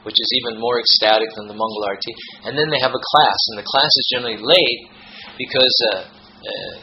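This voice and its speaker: Man giving a relaxed devotional talk. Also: lowish voice, highs cut off. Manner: relaxed, rambling explanations with chanted examples. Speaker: spiritual teacher.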